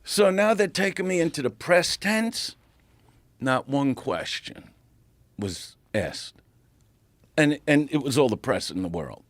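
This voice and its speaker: A middle-aged man, a comedian telling a profane, animated story on a podcast. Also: fairly high pitch, takes it slowly, pauses often, no room sound. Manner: animated, profane, acts out quotes. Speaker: comedian guest.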